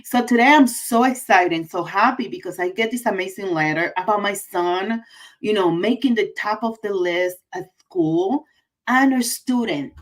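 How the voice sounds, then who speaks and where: A woman's voice: mid-range voice, normal speed, rough recording. A woman hosting a casual livestream, effusive and emotional, repeating her greetings. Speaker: livestream host.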